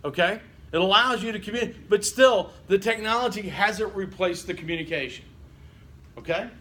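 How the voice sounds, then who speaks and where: A man's voice: sits high, normal speed, fairly bright tone. Chatty male instructor lecturing a class. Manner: conversational, asks the class questions, frequent okay and you know. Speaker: college instructor.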